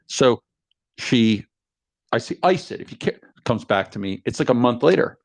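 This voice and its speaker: Middle-aged dad co-host, gravelly voice, animated storyteller with a swinging pitch. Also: male voice, moderate pace, dry recording. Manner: animated storyteller, acts out dialogue. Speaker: podcast co-host, father. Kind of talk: casual podcast chat.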